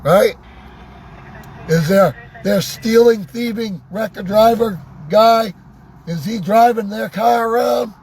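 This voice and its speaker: A worked-up man ranting sarcastically in a vlog from inside a vehicle, his voice going hoarse. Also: sits high, slow pace, a little mellow. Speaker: vlogger. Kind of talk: angry ranting monologue.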